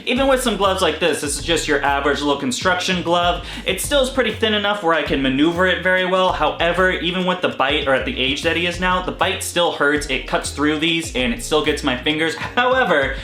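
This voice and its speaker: A man hosting a casual reptile-care vlog from a reptile room in his home, talking in an excitable, joking way. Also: fairly high pitch, a little fast, hardly any pauses. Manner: excitable and joking, yelps in pain when bitten. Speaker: reptile keeper and channel host. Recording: echoey room with faint music.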